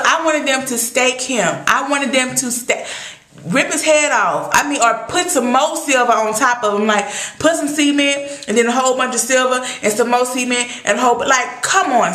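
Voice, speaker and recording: A woman's voice: a little high, a bit bright. A young woman recapping a TV episode in casual, sassy, opinionated talk full of exclamations. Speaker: TV recap vlogger. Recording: echoey room.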